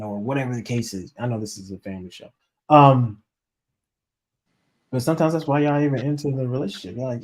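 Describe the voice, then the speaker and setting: An energetic man in the role of a relationship coach, delivering a loose motivational talk at a middle pitch. He speaks to his listeners directly and plays out the lines of the people he quotes. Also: moderate pace. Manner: animated, acts out quoted voices, addresses audience as y'all.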